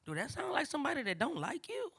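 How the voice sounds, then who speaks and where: A woman's voice: high-pitched, fast, vocal fry. An older woman with telling a family story on stage, conversational and acting out voices of her relatives. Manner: animated, acts out family voices, casual and conversational. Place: stage before a live audience.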